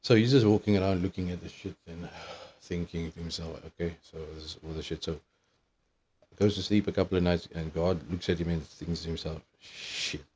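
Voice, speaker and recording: A man's voice: low-pitched, fairly even intonation, fairly quick, a little mellow, slight background noise. A man in his thirties telling a meandering, profanity-laden story in a casual monologue. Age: 30s. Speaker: vlogger.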